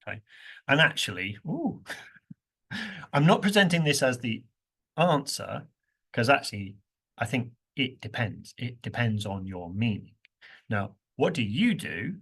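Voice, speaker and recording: A man's voice: medium pitch, lively intonation, measured pace, pauses often, fairly bright tone, husky. Brit guy teaching a workshop, jokey, lots of little laughs, normal mid voice. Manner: playful, laughs often, acts out stressed words. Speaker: workshop presenter. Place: university workshop room.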